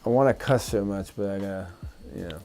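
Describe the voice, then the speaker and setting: A man's voice: on the low side, a little fast, a little mellow, faint music behind. A man vlogging about his drone hobby as he works, frustrated, swearing and muttering to himself. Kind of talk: casual talk while working.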